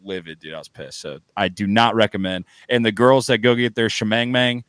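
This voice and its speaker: A man telling a story in casual, profane, animated chat on a podcast. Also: on the low side, fairly quick, smooth, no room sound. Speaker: podcast host.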